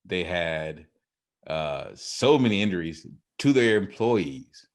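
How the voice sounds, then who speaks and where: A man's voice: sits low, expressive, slow pace. A man with a Southern US accent co-hosting a podcast in casual chat, rambling with frequent restarts and easy laughter. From American South. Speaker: podcast co-host.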